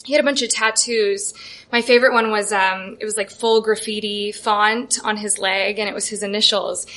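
A woman with a bright, crisp voice tells a wry, self-deprecating story from her teenage years to a live audience. Her delivery is conversational and dry. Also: mid-range voice, steady tone, moderate pace. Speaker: guest storyteller. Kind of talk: live comedic personal storytelling. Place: live show venue.

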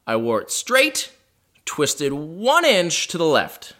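A man telling a personal story live in a living room, wry and mocking himself. His voice is bright and carrying, and his pitch swings widely from line to line. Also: slow. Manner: self-deprecating, animated, wry. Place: living room house show.

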